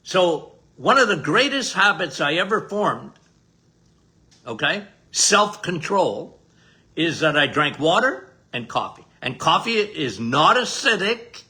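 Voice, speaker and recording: A man's voice: fairly high pitch, very animated, slow, pushed and bright. An older man, a doctor hosting a podcast, giving a casual health talk in an emphatic, repetitive, folksy way.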